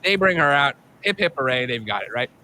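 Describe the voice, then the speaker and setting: A man in his thirties rattles through a movie recap at a rapid clip, his voice bright and a touch high. He talks animated and profane, as a podcast host would in casual chat. A faint hiss sits under the recording. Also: rough recording. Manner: animated, profane storytelling with acted-out quotes.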